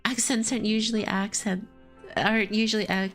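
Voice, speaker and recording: A woman's voice: medium pitch, fairly even intonation, brisk, a bit bright, faint music behind. A woman streamer chatting casually and laughing while she plays a game and reads its text aloud. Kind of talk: casual let's-play commentary.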